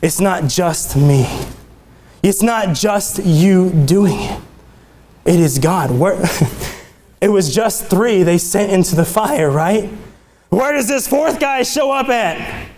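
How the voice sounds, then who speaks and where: A man preaching an impassioned sermon in a small church room. His voice climbs higher as he gets excited, and he sometimes stumbles over words. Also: slow, pauses often, slight background noise. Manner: impassioned, exclamatory, some stumbles.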